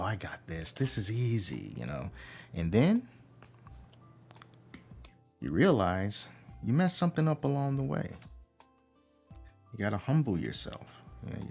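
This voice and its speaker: A man's voice: fairly low pitch, creaky, darkish tone. A man hosting a casual livestream, thinking aloud and humming to himself as he works on a model kit. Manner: unhurried, thinks aloud, hums to himself while working. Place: indoor home room.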